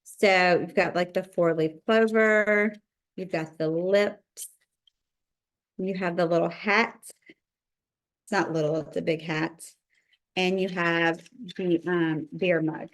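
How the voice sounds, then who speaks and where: A woman's voice: on the low side, fairly even intonation, slow, long pauses. A middle-aged woman, chatting bubbly and casual as she hosts a livestream cookie decorating lesson and greets viewers by name. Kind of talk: livestream tutorial chat.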